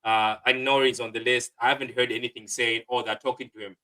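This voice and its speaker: A man's voice: mid-range voice, flat delivery, quick pace, pushed and bright, poor audio. A man, a guest on a football talk stream, rambling with many fillers and restarts. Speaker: guest fan channel host. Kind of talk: casual football chat.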